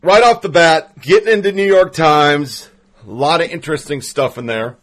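A man's voice: fairly high pitch, normal speed, a bit bright. Chatty male political podcast host. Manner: chatty, opinionated, stumbles over names. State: has the hiccups. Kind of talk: casual political podcast monologue.

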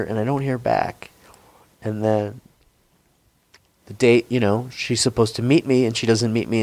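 A man's voice: lowish voice, dry recording. Profane rambling man in his forties. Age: 40s. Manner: rambling, profane, frequent restarts. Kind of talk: casual storytelling.

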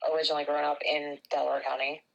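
A woman's voice: low voice, little pitch movement, very fast, creaky, highs cut off. A woman, co-hosting a podcast in casual chat, agreeable and blunt. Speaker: podcast co-host.

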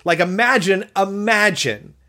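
A man with a sick voice co-hosting a podcast, giving an opinionated, casual movie review. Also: unhurried. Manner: animated, opinionated, swings pitch when emphasizing. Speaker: podcast co-host.

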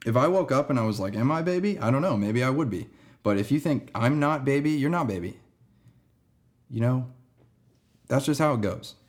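A man's voice: medium pitch, animated, normal speed, pauses often. A young man hosting a podcast, telling a story in a rambling, laid-back way and saying "dude" and "man" a lot. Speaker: podcast host. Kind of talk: casual storytelling monologue.

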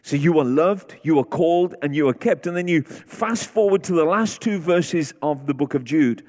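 A slightly high, darkish voice at a moderate pace belongs to a man guest preaching in a large church sanctuary. His short, repeated declarations grow more intense, echoing with the long reverb of the big hall.

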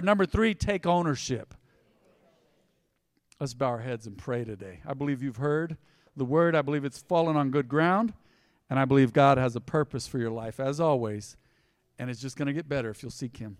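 A man in his forties preaching a sermon as pastor, swinging from emphatic loud passages to hushed, tender ones. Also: medium pitch, normal speed, dry recording, clean studio sound, in a large hall. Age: 40s. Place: church sanctuary.

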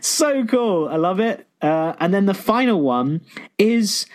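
A man co-hosting a casual podcast, recapping episodes with excited jumps up in pitch and plenty of swearing. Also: a little slow. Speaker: podcast co-host.

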